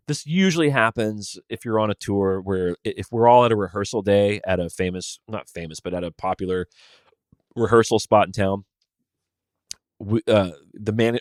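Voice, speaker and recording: A man's voice: on the low side, no room sound, studio quality. A man hosting a podcast on his own, chatting casually and animatedly in a slangy, joking way. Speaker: podcast host. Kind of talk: casual solo podcast chat.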